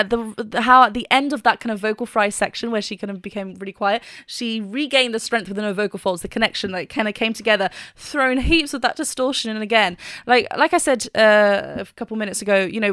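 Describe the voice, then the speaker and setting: A woman's voice: mid-range voice, fairly bright tone, no echo, clean studio sound. A woman, a vocal coach reacting to a song and explaining singing technique with enthusiasm. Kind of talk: reaction video with vocal analysis.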